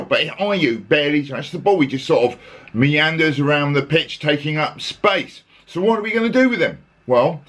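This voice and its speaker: A man's voice: on the high side, fairly bright tone. A man hosting a casual football chat, sarcastic and exasperated, rambling with restarts. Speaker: podcast host.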